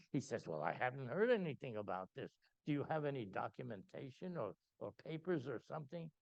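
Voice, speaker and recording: An older man telling a lively anecdote at a gathering, acting out voices and laughing often. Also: brisk, creaky, dry recording. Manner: animated anecdote teller, acts out quotes, laughs often. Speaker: speaker at a spiritual gathering. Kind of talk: storytelling talk. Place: meeting hall. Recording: dull low-fidelity sound, dry.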